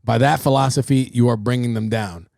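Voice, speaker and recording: A young man hosting his own livestream, rambling through opinions and stories with plenty of swearing. His mid-pitched voice carries a gravelly edge. The sound is dry and close, with no room around it. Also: fairly quick, no echo. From New York City. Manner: animated storyteller, swearing freely. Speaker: podcast host. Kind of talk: casual livestream monologue.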